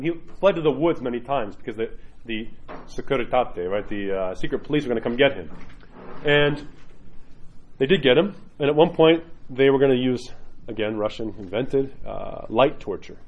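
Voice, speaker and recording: A man's voice: mid-range voice, darkish tone, highs cut off. A man, a priest giving an informal teaching talk, telling stories with animation and often checking in with "right?".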